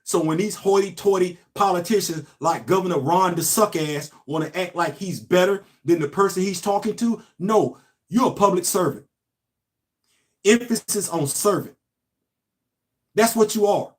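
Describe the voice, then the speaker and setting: An emphatic male commentator, hammering points home through repetition. His voice sits a bit high for a man. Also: moderate pace. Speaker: host. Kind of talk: casual commentary monologue.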